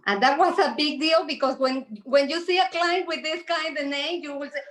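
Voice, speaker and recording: A woman insurance agent with a Spanish accent, talking haltingly and laughing often on a video call. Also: high voice, fairly bright tone.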